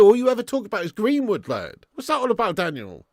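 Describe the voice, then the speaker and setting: A man's voice: high voice, wildly swooping pitch, fast talker, no room sound, studio quality. A man hosting a live football watch-along, talking in sweary, laddish banter and laughing often as he commentates and chats with viewers. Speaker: live stream host.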